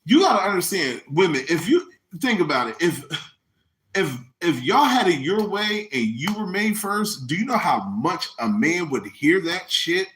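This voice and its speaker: A man with a voice that sits high hosts a podcast at normal speed, ranting in a casual, comedic way. He's animated, profane and mocking, and the room sounds echoey.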